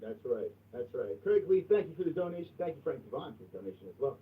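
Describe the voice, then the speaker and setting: A man hosting a livestream in casual chat, crude and profane, going from mumbling to loud outbursts. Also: medium pitch, big pitch swings, fast talker, far from the mic. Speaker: livestream host. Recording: tinny phone-like sound from off mic.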